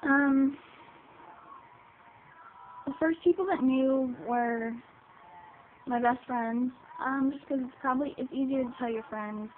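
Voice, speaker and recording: A seventeen-year-old girl talks slowly to the camera in a high-pitched, steady voice, pausing often. It's a personal vlog, and she hesitates with many ums and restarts, captured in tinny lo-fi sound with hiss.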